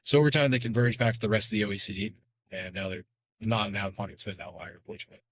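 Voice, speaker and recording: A man explaining as a podcast guest in a rapid, chatty way, full of fillers. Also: lowish voice, breathy edge, dry recording. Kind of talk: fast casual explanation.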